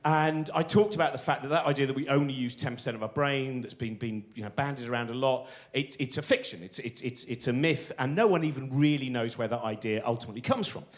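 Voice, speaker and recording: A man doing live stand-up on a theatre stage, telling rambling, excitable stories that keep interrupting themselves. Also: medium pitch, fast, hardly any pauses. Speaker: stand-up comedian.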